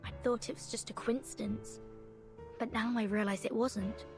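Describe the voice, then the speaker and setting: A woman voicing a calm female interrogator who questions a frightened captive in a game. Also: fairly high pitch, gravelly. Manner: level, measured questioning. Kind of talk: game voice acting. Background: game music.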